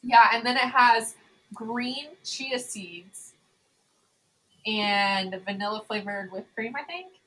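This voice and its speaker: A woman's voice: fairly high pitch, slow pace, a bit bright, slight background noise, rough recording. A young adult woman co-hosting a podcast in casual chat, bubbly, laughing often and using many fillers. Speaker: podcast co-host.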